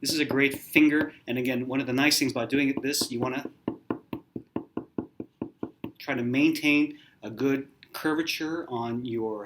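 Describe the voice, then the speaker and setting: A man in a hotel room gives a casual piano lesson into a camera mic. His voice sits at an ordinary middle pitch, and he talks in a relaxed, demonstrative way, counting finger numbers aloud. A faint hiss of background noise runs under the recording. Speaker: piano teacher.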